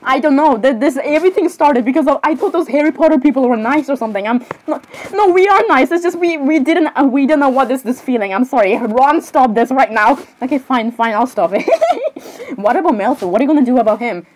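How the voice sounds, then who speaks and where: A woman's voice: sits high, fast talker, few pauses, darkish tone, rough recording. A woman performing an improvised comedy skit alone, switching between characters with a hesitant, apologetic, giggly delivery. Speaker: solo skit performer voicing many characters.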